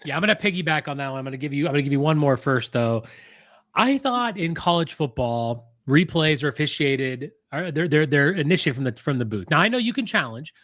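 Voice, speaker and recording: A man's voice: fairly high pitch, expressive, fairly quick, a bit bright, no room sound, clean studio sound. A man co-hosting a casual sports podcast, giving enthusiastic, emphatic analysis. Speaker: podcast co-host.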